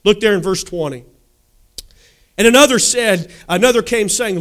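Brief: high-pitched male preacher, emphatic sermon delivery, calls for amens. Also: normal speed, a bit bright. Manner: emphatic, asks the congregation questions and calls for amens.

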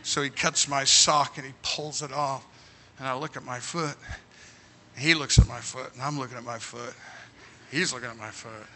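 A man preaching, telling a comic story with animated bursts of shouting. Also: medium pitch, moderate pace, a little hiss or hum. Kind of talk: humorous storytelling sermon.

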